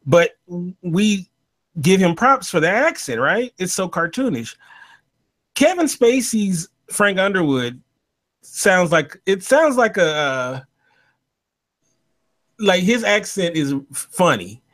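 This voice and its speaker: Male host, chatty and animated, laughs a lot, loose podcast banter. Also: high voice. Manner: animated, laughs often, many fillers. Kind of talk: casual panel chat.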